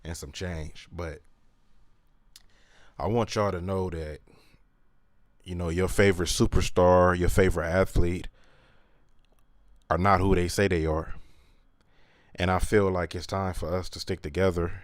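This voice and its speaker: A man's voice: low voice, fairly even intonation, unhurried, long pauses, no echo, studio quality. A man hosting his channel in a casual, earnest monologue, talking slangy with many fillers. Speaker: channel host.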